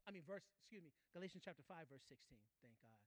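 High bright preacher guy, aave, gets loud and repeats himself, dry sound. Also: lively intonation, fast talker, dry recording. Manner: rising to shouts, repeats phrases, calls out to the congregation. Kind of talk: sermon.

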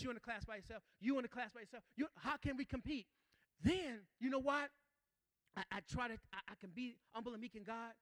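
High bright preacher guy, aave, gets loud and repeats himself, dry sound. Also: dry recording. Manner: rising to shouts, repeats phrases, calls out to the congregation. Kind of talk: sermon.

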